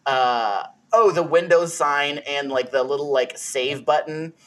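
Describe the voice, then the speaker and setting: Young male co-host, slightly high voice, rambling, giggly, full of fillers. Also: a little slow, a bit bright. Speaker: podcast co-host. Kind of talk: casual chat.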